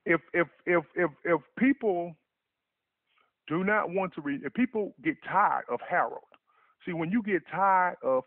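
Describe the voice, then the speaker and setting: A man's voice: high-pitched, unhurried, no room sound. A male preacher delivering an emphatic, repetitive sermon on internet radio, often saying "notice". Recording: tinny phone line.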